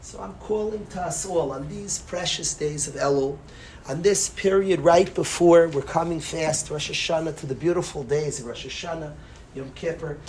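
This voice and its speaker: A man, a rabbi, giving a passionate sermon-style Torah class, swinging from loud cries to hushed near-whispers and peppering his speech with Hebrew and Yiddish terms. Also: fairly high pitch, normal speed, slight background noise.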